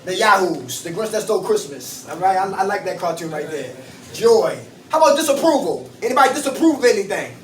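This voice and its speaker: A very high-pitched man leads a recovery group, preaching in call-and-response and firing questions at the room. He sounds far from the mic in an echoey space. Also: very animated, brisk. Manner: preachy, quizzes the group with "what?".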